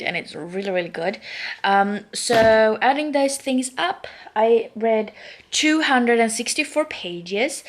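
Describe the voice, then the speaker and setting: A young adult woman talking casually in a reading vlog, gushing and dramatic about the books she reads. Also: fairly high pitch. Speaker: book vlogger.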